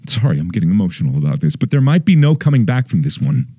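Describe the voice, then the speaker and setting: A man in his twenties making a mock-dramatic plea to his viewers, over-the-top solemn, swinging between hushed lines and near-shouts. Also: deep voice, sing-song, fast, breathy edge, dry recording, studio quality. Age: 20s. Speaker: YouTuber.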